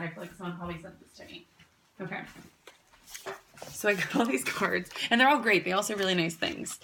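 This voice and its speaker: A young woman pitching her greeting card business to the camera in a chatty, upbeat way, rambling with fillers and restarts. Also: pushed and bright, a little hiss or hum. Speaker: card company founder. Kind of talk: casual product pitch to camera.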